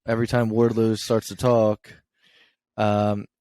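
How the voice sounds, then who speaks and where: A man's voice: lowish voice, flat delivery, unhurried, dark tone, no room sound. A young man co-hosting a podcast in casual chat, recapping events in a rambling way with fillers. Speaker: podcast co-host.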